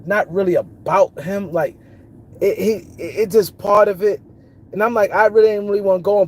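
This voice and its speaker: A man's voice: high-pitched, darkish tone, slight background noise. A man hosting a casual sports talk stream, repeating points and greeting viewers by name. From New York City. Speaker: show host. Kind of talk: casual sports commentary livestream.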